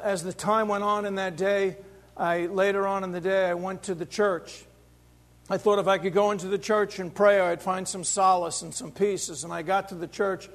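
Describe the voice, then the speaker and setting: An older man giving a halting, emotional personal testimony with many restarts. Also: high voice, gravelly, long reverb tail. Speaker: storyteller.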